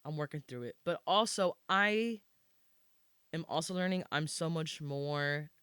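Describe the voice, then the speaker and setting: A woman co-hosting a podcast in casual chat, telling stories with lively swings and swearing freely. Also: sits low, unhurried, clean tone, no echo, studio quality. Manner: animated storytelling, swearing, drops into quiet asides. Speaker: podcast co-host.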